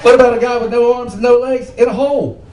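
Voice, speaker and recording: A man's voice: extremely high pitch, fairly even intonation, fast, mellow. Guy telling dirty jokes, laughing at them, quizzing the crowd, echoey, faint background noise. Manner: laughing at his own jokes, quizzing listeners. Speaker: joke teller. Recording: roomy, far from the mic, faint ambience.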